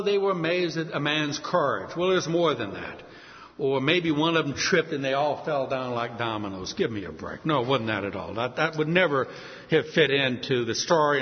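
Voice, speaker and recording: A man preaching a sermon with emphasis, asking rhetorical questions and swinging between loud and soft. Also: mid-range voice. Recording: dull, echoey hall sound.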